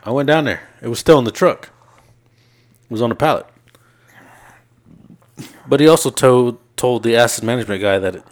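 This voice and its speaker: A man co-hosting a podcast, telling long stories from his week in casual, profane chat and acting out what people said. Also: lowish voice. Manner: profane, animated retelling with laughs. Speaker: podcast co-host.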